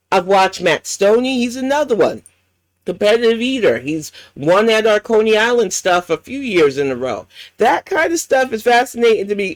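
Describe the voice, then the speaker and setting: A woman's voice: medium pitch, dry recording. A woman hosting a reaction commentary, ranting bluntly and swearing often. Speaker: commentary channel host.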